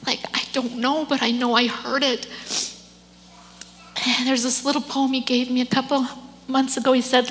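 Woman, fairly high voice, earnest testimony, long hall reverb. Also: fairly even intonation, measured pace, a little hiss or hum. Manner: earnest, emotional, drops to soft whispers. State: tearful at times. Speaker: church speaker. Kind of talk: personal testimony message.

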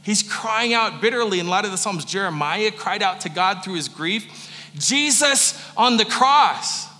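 A male pastor preaching a sermon in a conversational manner, moving from joking asides to hushed earnestness. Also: high voice, lively intonation, a little slow, big-room sound.

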